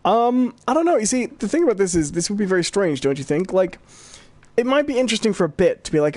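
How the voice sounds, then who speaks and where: A man's voice: sits high, big pitch swings, quick pace, darkish tone, no echo. A man with a British accent co-hosting a pop-culture podcast in casual chat, chatty and jokey, laughing often. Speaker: podcast co-host.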